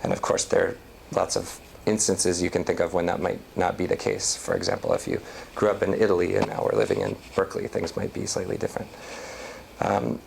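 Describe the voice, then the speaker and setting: Deep gravelly-voiced man giving a lecture. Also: animated, darkish tone, a little hiss or hum. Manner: reads prepared text, measured. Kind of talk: academic lecture.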